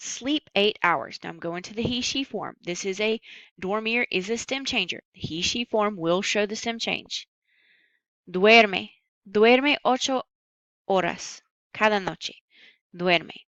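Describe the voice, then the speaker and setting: A woman with a bright, clear voice walks students through a recorded lesson. She stays patient and upbeat and slows right down on the Spanish words. The sound is dry and close. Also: medium pitch, dry recording, low-quality recording. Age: adult. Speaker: Spanish teacher.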